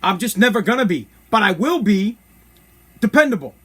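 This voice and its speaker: Brash male podcast host, 30s, higher-pitched, blunt comedic rant. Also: sing-song, moderate pace, a bit bright, husky. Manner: brash, blunt, rambling with restarts.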